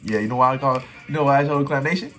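A young man giving excited reaction commentary on his old basketball footage, trash-talking and repeating his phrases. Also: mid-range voice, rapid-fire. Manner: hype trash talk, repeats phrases, keeps saying "bro". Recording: faint music behind.

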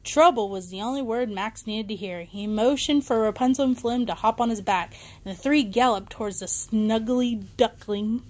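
A woman's voice: fairly high pitch, moderate pace. A woman reading a children's bedtime story aloud, with occasional small slips and restarts.

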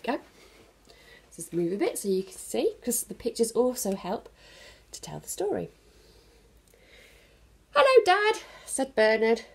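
A woman at a children's centre reading a picture book aloud to young children, pausing to explain the story gently. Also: mid-range voice, sing-song, gravelly, slight background noise.

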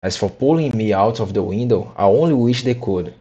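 A man's voice: on the low side, animated, brisk, mellow, slightly rough, dull audio. A man voicing a young girl who muses fretfully to herself. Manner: musing, talks to herself.

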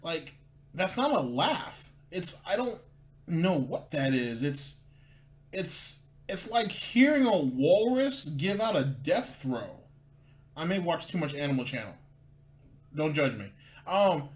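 A man commenting on video clips in a casual, sarcastic way. His voice sits a little high and swings up and down a lot. He trips over words and repeats himself as he searches for a point. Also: very animated, slow. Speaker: commentary host.

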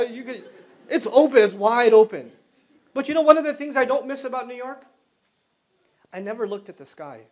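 A man giving a religious lecture, explaining ideas through repeated everyday examples, joking and acting out what people say. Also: very high voice. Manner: animated, joking, acts out quoted speech. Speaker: Islamic lecturer.

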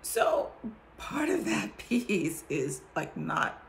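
A woman vlogger shares her faith testimony, chatting casually and directly with her viewers about her faith and the lessons she's learned. She's animated and often breaks into laughter, though her low voice moves extremely slowly with vocal fry. There's slight background noise.

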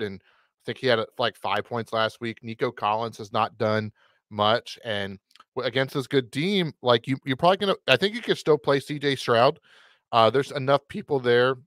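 A man's voice: mid-range voice, a bit bright, no echo. A man co-hosting a casual fantasy football podcast, rambling and correcting himself with a wry edge. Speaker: podcast co-host.

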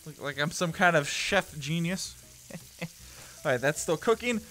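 Goofy guy narrating a vr cooking game, high lively voice, bit of music behind. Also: measured pace. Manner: playful, joking, talks to the screen. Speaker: gaming YouTuber. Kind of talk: let's play commentary.

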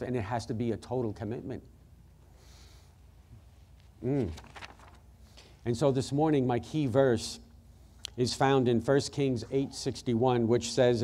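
A man's voice: medium pitch, warm tone. A man preaching a fervent sermon as the church's pastor, with frequent exclamations of praise.

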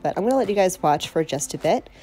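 A woman's voice: on the low side, lively intonation, fast, music in the background. A woman chatting casually while demonstrating a nail tutorial, friendly and talkative, with a light allergy cough. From South Florida. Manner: chatty, friendly, laughs easily.

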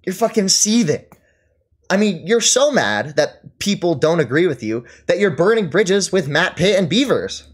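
A streamer with a high, very animated voice and a breathy edge reads and answers his chat at a moderate pace. He rants, mocking and taunting his target and laughing at them.

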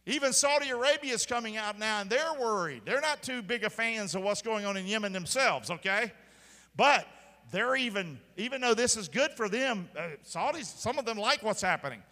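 High, bright-voiced preacher with a drawl. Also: male voice. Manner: emphatic, keeps asking the congregation to respond. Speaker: pastor. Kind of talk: sermon. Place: large church auditorium. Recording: live church hall with long reverb.

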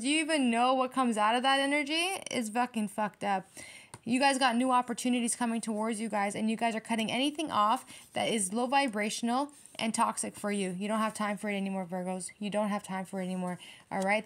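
Fast-talking profane woman tarot reader. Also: mid-range voice. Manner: blunt and profane, heated; fast, repetitive, direct address to viewers. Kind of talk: tarot reading monologue.

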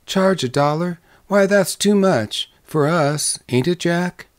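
A male reader voices a bashful young bride, her speech lifted well above his own. The voice stays smooth and clean, with a dry, close sound. Each line comes out eager and wondering. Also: sits high, slow pace, no echo, voice pushed up. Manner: raised, wondering country voice.

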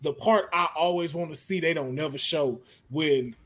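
A man hosting a casual podcast chat, animated and slangy, who breaks into playful impressions. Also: on the high side, moderate pace. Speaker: podcast host.

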